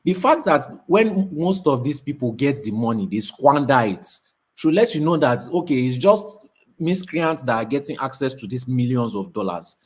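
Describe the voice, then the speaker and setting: A man's voice: mid-range voice, big pitch swings, normal speed, husky. Blunt Nigerian man, scornful talk. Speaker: co-host. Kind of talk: casual commentary chat.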